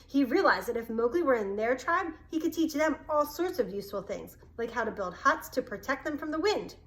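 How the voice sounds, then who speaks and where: A woman reads a storybook aloud, steady and expressive, her voice sitting somewhat high for a woman. She narrates at an even pace. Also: brisk, low-quality recording.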